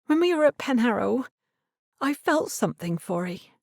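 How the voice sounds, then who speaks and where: A woman voicing an earnest, shy young Cornish working girl in a dialect, with a soft, pleading manner. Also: fairly high pitch, sing-song, moderate pace, creaky, no echo, studio quality, voice pushed up, heavily acted.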